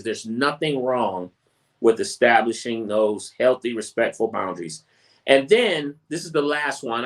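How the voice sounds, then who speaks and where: A man hosting a podcast, giving casual advice in a conversational way, often repeating phrases and restarting sentences. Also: medium pitch. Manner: acts out quoted family chatter in brighter voice. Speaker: podcast host.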